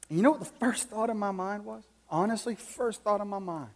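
A high-pitched man preaches a sermon, moving from easy storytelling to fervent, rising appeals. His voice rings with the long reverb of a church hall. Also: a little fast, few pauses. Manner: storytelling, building to impassioned preaching. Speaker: pastor.

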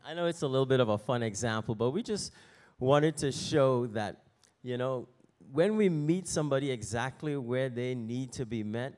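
A man's voice: medium pitch, normal speed, a little mellow. A man preaching as a pastor, telling a story in a conversational way. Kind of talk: sermon with story.

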